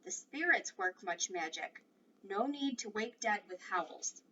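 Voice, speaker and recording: A proud, stern tiny warrior man, put on by a woman reading a storybook aloud speaks in loud, clipped broken phrases. The voice sits high and bright. It comes from some way off the mic, dull and lo-fi with a faint hiss behind. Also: lively intonation, measured pace, recorded from a distance.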